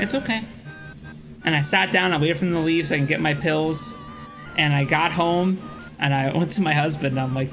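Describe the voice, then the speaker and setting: Young guy streamer rambling thru a story, kinda high voice, music going behind him. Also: low-quality recording. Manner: rambling storyteller with restarts and swearing. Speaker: streamer host. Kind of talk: casual stream chat. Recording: music playing faintly behind.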